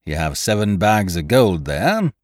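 A shrewd sea captain lays down terms calmly and without hurry, as a man voices him. The voice is low but lively in its rise and fall. Storybook reading, close and dry. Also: no echo. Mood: calm commanding. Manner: calm, unhurried.

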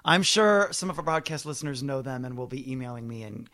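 A man's voice: mid-range voice, lively intonation, fast, pushed and bright. A man co-hosting a podcast, chatting casually and joking crudely. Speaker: podcast co-host. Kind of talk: casual chat.

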